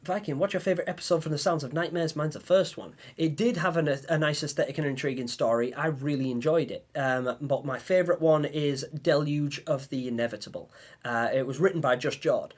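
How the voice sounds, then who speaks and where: A young man hosting a live stream, telling a story in a lively way and acting out his own panicked lines. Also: on the high side, fairly quick. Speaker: livestream host.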